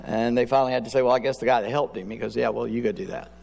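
A male pastor giving a sermon in a conversational preaching manner, with quick asides to his listeners. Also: mid-range voice, steady tone, gravelly, a little mellow, in a large hall.

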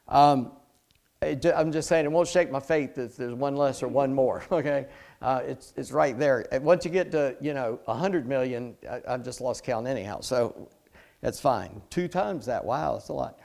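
A man's voice: medium pitch, normal speed, creaky, darkish tone. A middle-aged man preaching a sermon in a conversational way, with chatty asides and jokes. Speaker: pastor.

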